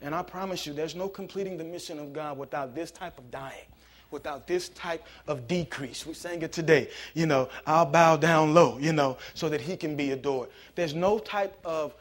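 A man, a pastor, preaching a conversational sermon that builds into loud, emphatic passages. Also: fairly high pitch.

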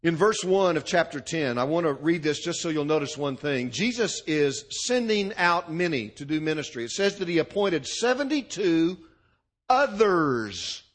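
A man's voice: fairly high pitch, animated, moderate pace. A male pastor preaching a sermon to a congregation with emphatic, punchy delivery and repeated lists.

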